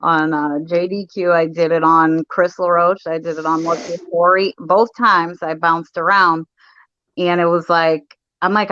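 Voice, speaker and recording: A woman with a Boston accent hosting a casual interview, chatty and quick to laugh. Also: on the low side, little pitch movement, fairly bright tone, no echo. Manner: chatty, laughs easily, many short backchannels. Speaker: host. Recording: dull, dry sound.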